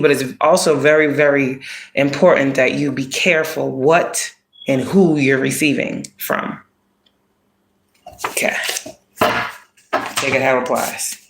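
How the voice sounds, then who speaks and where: Blunt, profane woman giving a spiritual reading. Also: sits low. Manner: blunt, profane, streetwise slang. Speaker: spiritual reader. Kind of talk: casual spiritual card reading. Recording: roomy echo.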